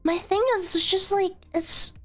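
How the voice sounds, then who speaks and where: A woman streamer, hoarse from being sick, chatting casually and giggling, squealing greetings to her viewers from her bedroom. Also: extremely high pitch, level tone, unhurried, a bit bright, faint music behind. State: hoarse from illness. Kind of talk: casual live-stream chat.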